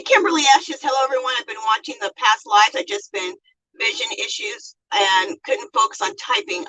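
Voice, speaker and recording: Chatty, husky-voiced American woman host. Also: fairly high pitch, pushed and bright, distant mic, poor audio. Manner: chatty, reads viewer comments aloud and laughs often. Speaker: livestream host. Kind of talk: casual livestream chat.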